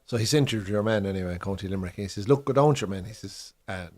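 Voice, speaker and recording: A man's voice: on the low side, racing. Irish man telling a pub story. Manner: swearing, laughing anecdote teller. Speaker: watchalong co-host. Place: bar.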